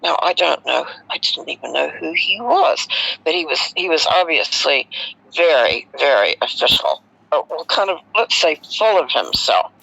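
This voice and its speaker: Gravelly woman telling a story on radio. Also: sits low, moderate pace, dull audio. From United States. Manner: expressive, animated retelling with emotional swings. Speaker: radio host. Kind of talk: personal storytelling to listeners.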